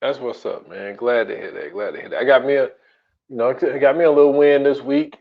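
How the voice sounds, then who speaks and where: A man co-hosting a podcast in casual chat, telling stories in loose, slangy, animated speech. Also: medium pitch, brisk, gravelly. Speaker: podcast co-host. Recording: dull lo-fi audio.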